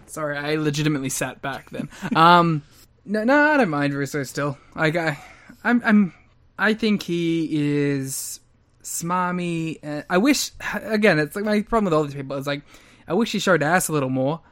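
A man co-hosting a podcast in casual chat, playful and quick to joke. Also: on the high side, lively intonation, a bit bright. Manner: playful, joking, quick to laugh. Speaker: podcast co-host.

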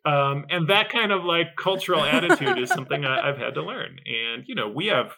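A man's voice: a little high, brisk, gravelly, poor audio. A man, a game studio leader, talking enthusiastically and confidently as a guest on a casual podcast. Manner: enthusiastic, expressive, self-assured.

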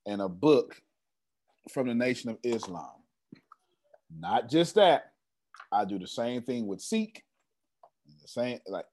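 Leading an online team meeting, a man keeps his pitch moving freely up and down in a casual motivational call. He talks loosely and with slang, teasing his listeners and repeating phrases for emphasis in an animated way.

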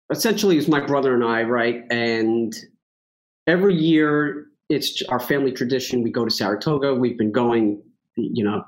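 A man's voice: mid-range voice, low-quality recording. Chatty New York man. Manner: chatty, storytelling with frequent fillers and laughs. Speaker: horse racing handicapper, guest. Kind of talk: casual podcast interview.

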